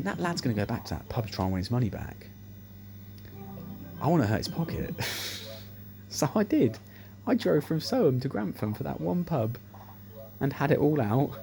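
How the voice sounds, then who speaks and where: A man's voice: fairly low pitch, vocal fry. Sweary man telling slot stories. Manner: sweary, animated anecdotes, acts out quotes. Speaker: slot machine YouTuber. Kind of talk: casual storytelling over gameplay. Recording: music playing behind the voice.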